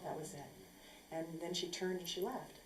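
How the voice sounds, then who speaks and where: A woman telling a personal story casually, acting out what people said in an animated way. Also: fairly low pitch, moderate pace. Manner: animated, acts out quotes. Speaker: speaker sharing a personal story. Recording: echoey room with faint noise.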